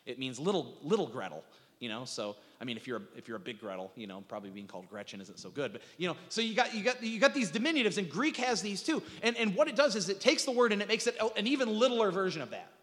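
A man's voice: high voice, very animated, fast talker, a bit bright. A man preaching a sermon, explaining scripture with joking asides and often repeating words as he restarts. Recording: long reverb from a large hall.

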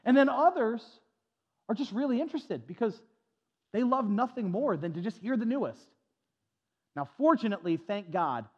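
Man, pastor, high voice, animated preaching, church sermon, muffled lo-fi audio.

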